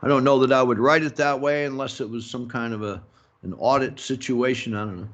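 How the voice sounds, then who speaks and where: A man teaching a business English lecture, slow and halting, filling pauses with "mm-hmm" and "okay" and adding opinionated asides. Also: mid-range voice, fairly even intonation, fairly bright tone, muffled recording. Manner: slow, halting, many fillers and self-talk like "mm-hmm" and "okay". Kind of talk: recorded lecture.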